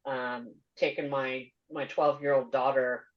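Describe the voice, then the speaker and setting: A woman hosting a podcast interview, earnest and measured as she asks questions and comments. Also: extremely low pitch, little pitch movement. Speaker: podcast host. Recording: dull lo-fi audio.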